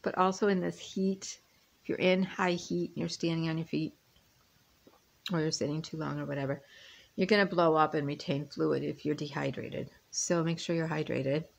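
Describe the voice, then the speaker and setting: A woman's voice: low voice, fairly even intonation, normal speed, vocal fry. A woman in her fifties chatting casually while she cooks in her home kitchen, rambling between stirring and tasting. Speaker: cooking and lifestyle vlogger. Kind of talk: casual chat while cooking.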